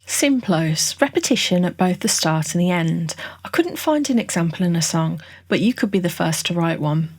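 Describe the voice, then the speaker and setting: A woman giving a scripted songwriting lesson, explaining each term in a clear, measured, list-like way. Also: fairly low pitch, animated, no room sound. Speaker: songwriting tutorial narrator. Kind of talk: scripted educational narration.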